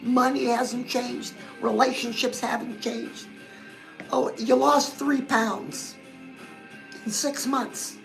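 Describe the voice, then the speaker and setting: A woman's voice: on the high side, steady tone, takes it slowly, creaky, soft background music, rough recording. A woman hosting a livestream pep talk, coaching listeners in a sassy, direct way and calling them "girl". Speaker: host.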